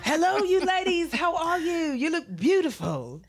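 A flamboyant older male fashion editor with a transatlantic accent gushes about everything in a high, breathy falsetto, as a woman puts him on. The voice leaps up and down with lively swoops. He stays grand and delighted. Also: moderate pace, heavily acted. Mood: grandly delighted.

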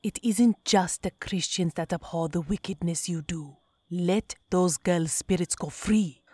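A stern old ancestor man, voiced by a woman, scolds and rises to a loud warning in this storybook reading. The lowish voice sits close and dry. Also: extremely slow, slightly rough, dry recording, full character voice.

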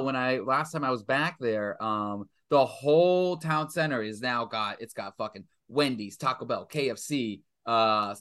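Bright-voiced, foul-mouthed man rambling candidly. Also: mid-range voice. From Stoughton, Massachusetts. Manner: rambling, profane, self-mocking. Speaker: guest filmmaker. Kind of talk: casual podcast chat.

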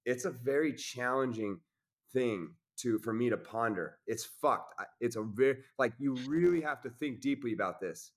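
A man's voice: mid-range voice, normal speed. A man talking as a podcast guest in casual conversation, intense and preachy, swearing freely.

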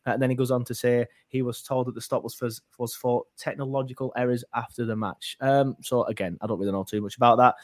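A man's voice: medium pitch, fairly even intonation, quick pace, few pauses. Rambling man hosting a fan podcast. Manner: rambling, hesitant, many fillers and restarts. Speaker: podcast host. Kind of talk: casual fan podcast chat.

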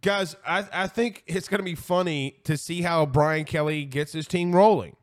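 Hosting a casual college football live stream, a man with a fairly high voice reads viewer comments at a moderate pace. His opinions come out blunt and animated, often repeated for emphasis.

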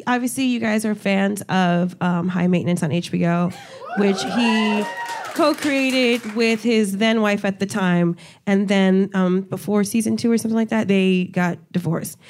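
A woman's voice: mid-range voice, measured pace, a little mellow. A woman hosting a talk show, brash and teasing, swearing freely in casual chat.

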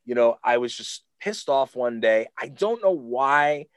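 A man's voice: mid-range voice, lively intonation, measured pace, smooth, no echo. A man, a podcast guest, telling a casual story full of fillers and restarts. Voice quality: rambling with many fillers.

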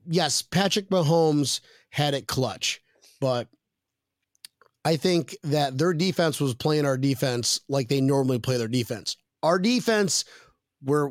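A man's voice: a little high, dry recording, studio quality. A man hosting a casual podcast chat, joking around and reading viewer comments aloud. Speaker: podcast host.

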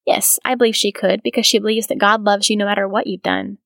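A gentle male prisoner offers calm reassurance, voiced by a woman storyteller. The gravelly, dry voice stays close and unhurried. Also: medium pitch, no room sound.

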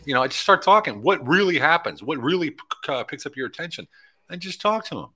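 A fast-talking man from Pennsylvania, USA, with a voice on the high side appears as a guest in a casual interview. He tells animated stories and acts out the dialogue of people he met.

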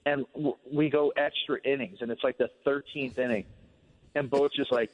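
A man's voice: medium pitch, moderate pace, in a large hall. Man telling stories over a tinny phone line. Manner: relaxed, rambling, many fillers like "you know". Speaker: former ballplayer, guest. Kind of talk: radio interview, storytelling. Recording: phone-line sound on radio.

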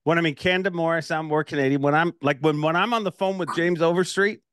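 A man's voice: fairly high pitch, quick pace, fairly bright tone, clean tone, no echo, studio quality. A man from Ireland hosting a podcast, telling stories casually with lots of laughter. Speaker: podcast host. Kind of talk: casual interview chat.

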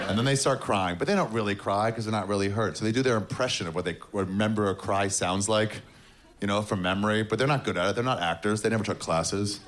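A man doing a stand-up comedy set in front of a live audience, with a deadpan, sarcastic delivery. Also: lowish voice, quick pace, a little hiss or hum. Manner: deadpan, sarcastic, mocking voices of others.

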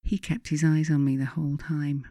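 Warm-voiced woman reading her memoir. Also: deep voice, flat delivery, no room sound, studio quality. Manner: measured, reflective storytelling. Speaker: author reading her own book. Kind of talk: memoir audiobook narration.

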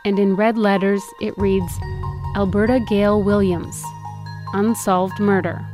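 A woman narrates an investigative documentary with a measured, serious delivery and a voice of middling pitch. She speaks steadily and with care, and faint music sits underneath. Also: flat delivery. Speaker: investigative reporter and podcast host.

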